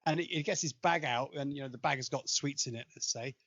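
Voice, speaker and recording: Male guest, quick and animated, repeats phrases; dry, dull lo-fi recording. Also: medium pitch, dry recording. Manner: fast, repeats himself, animated anecdotes. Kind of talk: casual chat.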